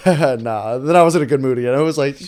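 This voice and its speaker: A young man with a New York accent talks very fast. He tells rambling, animated stories as a podcast guest, with plenty of swearing and laughter in casual chat. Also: mid-range voice. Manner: rapid, animated storytelling with frequent swearing and laughter.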